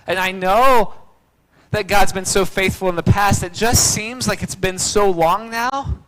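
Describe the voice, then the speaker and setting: A man preaching a sermon as pastor, swinging from loud cries to hushed near-whispers. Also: sits high, a little slow, low-quality recording.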